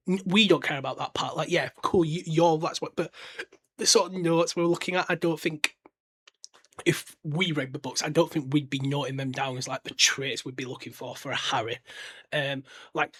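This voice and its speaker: A man's voice: on the high side, pushed and bright, breathy edge. A man hosting a casual solo podcast, talking bluntly with lots of fillers and restarts. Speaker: podcast host.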